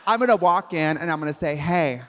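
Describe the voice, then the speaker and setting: A man's voice: on the high side, fast talker, slight background noise. A middle-aged man from the United States, co-hosting a comedy show with brash, self-mocking, crude banter. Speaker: podcast co-host. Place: live stage show. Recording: reverberant live venue.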